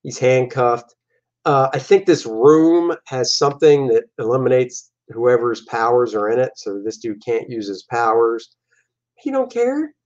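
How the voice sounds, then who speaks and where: A man hosting a show and giving casual, animated commentary on his own comic artwork. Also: mid-range voice, a little slow, muffled recording. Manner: animated, jumping into voices for his characters. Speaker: comic artist and show host.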